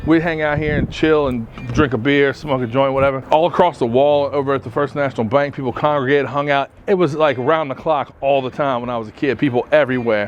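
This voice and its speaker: A man telling profane, animated stories as a podcast host while walking outdoors through his hometown. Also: mid-range voice, dull audio, slight background noise. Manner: profane, animated storyteller who acts out quoted voices. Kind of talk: casual storytelling on a walking tour. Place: outdoors on a town street.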